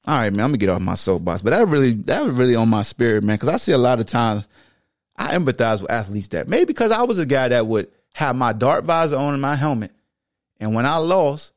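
Man, sports podcast host, emphatic and repetitive, swings from low to high, dry close mic. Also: brisk, no room sound. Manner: emphatic, repeats phrases, swings from low growl to high excited. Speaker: podcast host and former football player. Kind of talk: impassioned monologue.

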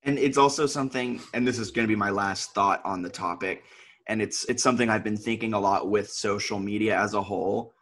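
A man's voice: fairly low pitch, a little fast, a bit bright. A man co-hosting a podcast, talking earnestly in a casual chat with many filler words. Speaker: podcast co-host.

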